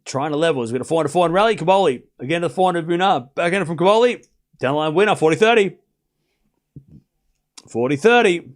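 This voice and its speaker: Excitable man calling tennis. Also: fairly high pitch, fast, pauses often. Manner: excitable play-by-play, chatty, laughs often. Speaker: streamer host. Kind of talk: live watchalong commentary.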